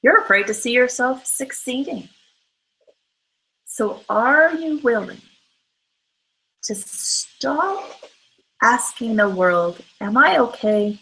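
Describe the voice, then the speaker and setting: A woman's voice: on the high side, lively intonation, slow, vocal fry, pauses often, pushed and bright, low-quality recording. A woman giving a motivational talk, emphatic and full of rhetorical questions. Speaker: motivational speaker.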